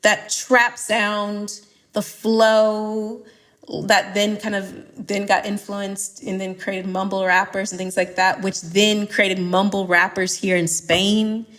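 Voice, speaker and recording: A woman's voice: medium pitch, flat delivery, takes it slowly, a bit bright. A young woman from Atlanta, a podcast guest chatting casually and emphatically, laughing often as she gives strong opinions. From Atlanta, United States.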